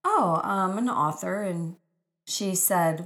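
Woman author, earnest spiritual storyteller, lowish voice with a gravelly fry. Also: slow pace. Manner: warm, earnest and spiritual, with gushing exclamations. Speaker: author and speaker. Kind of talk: inspirational personal storytelling.

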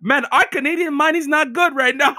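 A man's voice: very high-pitched, a little fast, bright, forceful tone. A man hosting a casual podcast interview, loose and joking, cursing now and then. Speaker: podcast host. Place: Montreal.

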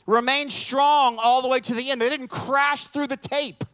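Speaking in a very high, smooth voice at a moderate pace, a middle-aged man preaches a sermon. He tells humorous stories with animation, mimics the voices of the people in them, and makes himself the butt of jokes.

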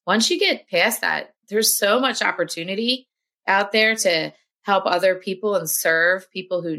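A woman's voice: mid-range voice, pushed and bright. A woman, a health coach and podcast guest, talking earnestly and encouragingly in casual conversation.

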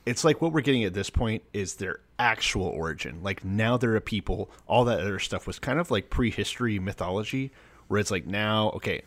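A man's voice: fairly low pitch, animated, fairly quick, a bit bright. A man co-hosting a casual podcast chat, thoughtful and analytical with dry humor. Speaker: podcast co-host.

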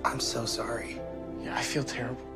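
A man's voice: mid-range voice, flat delivery, a little fast, gravelly, over loud music, lightly acted. An actor playing an eager, apologetic young male firefighter in a TV drama clip.

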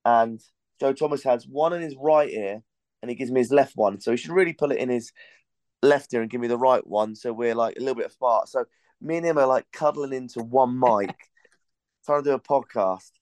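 A man's voice: mid-range voice, a little fast, a little mellow, no room sound. A man hosting a podcast, telling a rambling, casual story and swearing now and then. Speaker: podcast host.

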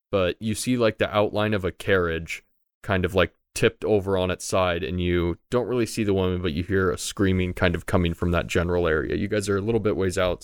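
A man's voice: deep voice, clean tone, no echo, clean studio sound. A young man narrating as game master of a tabletop game in a casual, loose way.

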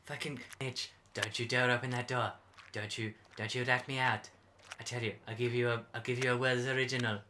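A man's voice: mid-range voice, level tone, a little hiss or hum, natural voice. A man playing Spooky, a mumbling furry poet. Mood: frantic. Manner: mumbling, halting with ums, then panicked yelling. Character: Spooky, furry creature poet on the run, melodramatic. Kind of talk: improvised comedy radio sketch. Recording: music playing behind.

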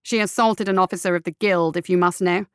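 A woman's voice: lowish voice, steady tone, brisk, smooth, no echo, close to an everyday voice. A woman voicing a vain, pompous male guild officer in a storybook, speaking in a dry, haughty drawl.

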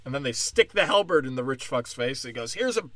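A man's voice: mid-range voice, expressive, fairly quick, fairly bright tone, no room sound. Sarcastic man ranting with a dry sound. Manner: sarcastic, rambling, profane. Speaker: comedian. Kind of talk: stand-up comedy rant.

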